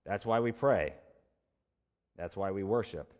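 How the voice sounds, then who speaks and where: A man's voice: fairly low pitch, unhurried, a little mellow, long reverb tail. A male pastor giving a conversational sermon, repeating key phrases for emphasis. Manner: conversational preaching with emphatic repetition.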